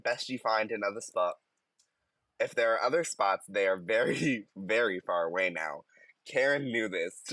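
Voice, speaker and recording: A man's voice: on the low side, sharp tone, no room sound. A man co-hosting a podcast, reading stories aloud in casual chat and laughing mid-sentence. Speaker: podcast co-host.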